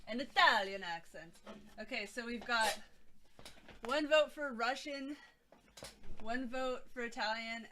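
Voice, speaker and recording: Bright-voiced woman streamer, sarcastic and rambling. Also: a little high, a little hiss or hum. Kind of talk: casual live-stream chat.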